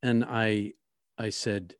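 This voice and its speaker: A man recounting a personal experience in a reflective, halting way, often restarting his sentences. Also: on the low side, flat delivery, clean tone, no echo, studio quality. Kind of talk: personal testimony.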